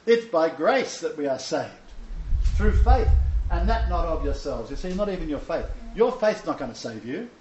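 A man's voice: fairly high pitch, sing-song, normal speed, a little mellow, highs cut off, a little hiss or hum. Emphatic joking preacher man, roomy sound. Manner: emphatic, joking asides with chuckles. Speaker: Bible teacher. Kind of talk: informal sermon lecture. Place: room with a small seated audience.

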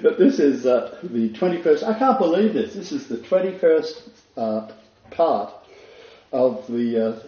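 Male Bible teacher, chatty with fillers and restarts; warm, echoing room sound. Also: mid-range voice, animated, measured pace. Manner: conversational, with many fillers and restarts. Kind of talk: Bible lecture. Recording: dull, roomy hall recording.

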